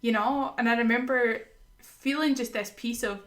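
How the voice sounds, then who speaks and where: Podcast guest, female, animated storyteller who laughs often, bright and crisp tone. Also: a little high, moderate pace. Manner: animated, laughs often while telling stories. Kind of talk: casual storytelling conversation.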